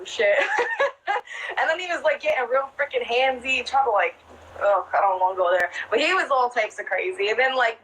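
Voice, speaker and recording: A young woman who works as a club dancer tells stories in casual conversation, her voice on the high side and fairly bright over a rough recording. She swears freely, laughs often, and stuffs her talk with "like" and other fillers.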